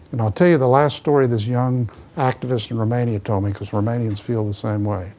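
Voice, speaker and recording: A man's voice: mid-range voice, fairly even intonation, a little fast, warm tone. A man, an ambassador, giving an emphatic public talk full of stories and answering audience questions as he moves around. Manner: emphatic storyteller, restless, moves around while speaking. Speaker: ambassador speaking at a forum.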